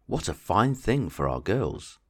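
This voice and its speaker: A man reading aloud voices an excitable middle-aged mother, raising his pitch and pushing eagerly. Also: unhurried, exaggerated voice. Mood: eager, insistent. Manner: eager, insistent, raised pitch.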